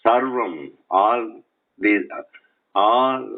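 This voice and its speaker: A man giving a spiritual lecture while lying in bed, speaking slowly and deliberately and repeating and spelling out words, recorded on a cell phone resting on his chest. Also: fairly low pitch, animated, phone-quality sound. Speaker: spiritual teacher. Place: bedroom at night.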